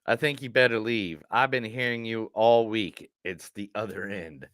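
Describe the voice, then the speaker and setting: Drawling, overdone Southern small-town characters, as a man puts them on. The tone is bright and clear, recorded close and dry with no room sound. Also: lowish voice, normal speed, no echo, close to an everyday voice. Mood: gruff. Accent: Southern US put-on. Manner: drawling, exaggerated line readings.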